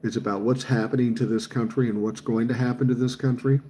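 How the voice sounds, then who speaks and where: A man's voice: mid-range voice, fairly even intonation, fast, mellow. A man in his sixties hosting a livestream, reading viewer comments aloud and answering them in a blunt, profane, fired-up way. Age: 60s. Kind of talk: casual chat.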